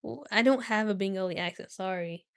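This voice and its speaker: A woman's voice: mid-range voice, fairly quick, smooth, dry recording, studio quality. A young woman reading a book aloud on a live stream, with small slips and restarts, and chatting casually with her viewers.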